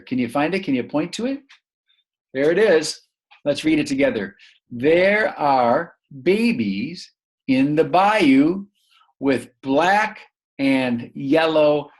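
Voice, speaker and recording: A man's voice: medium pitch, darkish tone. Encouraging man reading a picture book. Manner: slow, encouraging, full of questions. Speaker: teacher.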